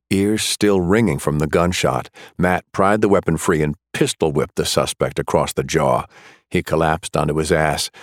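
Deep-voiced male audiobook narrator. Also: dry recording, clean studio sound.

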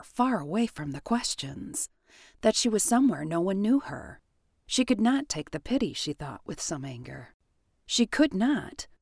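Gravelly-voiced woman narrating a novel. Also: medium pitch, no echo, studio quality. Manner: calm, even storytelling. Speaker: audiobook narrator. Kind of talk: scripted narration of a period novel.

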